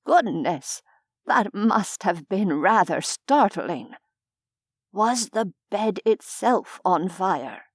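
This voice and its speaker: A woman voicing a courteous, formal gentleman in an audiobook, measured and gently lecturing. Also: mid-range voice, sing-song, dry recording, clean studio sound, full character voice. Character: genteel, courteous older gentleman scholar. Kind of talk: audiobook character voice.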